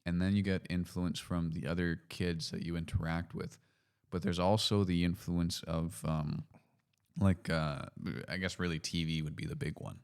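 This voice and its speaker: A man from Canada hosting a podcast, talking in a relaxed, hesitant way with lots of fillers. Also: sits low, normal speed, vocal fry, clear, resonant tone. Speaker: podcast host. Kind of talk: casual chat.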